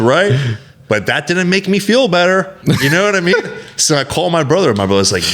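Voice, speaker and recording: A man's voice: fairly high pitch, very animated, normal speed, fairly bright tone. A man, a competitive bodybuilder, talking as a guest in a candid, rambling interview, blunt and heavily profane, acting out quoted dialogue and leaning on "you know" and "like.". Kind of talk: candid casual interview storytelling.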